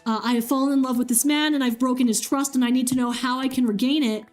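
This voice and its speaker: Psyche the desperate young lover, put on by a woman streamer, raised pleading voice, a bright lift above her usual tone, words tumbling out in a hurry. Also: high voice, fairly even intonation, fast, faint music behind, natural voice. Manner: pleading, breathless rush.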